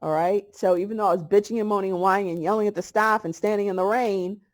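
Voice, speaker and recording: A woman's voice: medium pitch, steady tone, quick pace. Chatty woman telling a story. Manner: chatty storytelling, acting out both sides of a conversation. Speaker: holistic health vlogger. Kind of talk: casual spiritual monologue.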